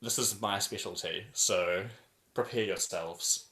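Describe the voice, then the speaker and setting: A man leading a choir warm-up over a video call, playful and over the top as he chants drills. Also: sits low, slow, roomy sound.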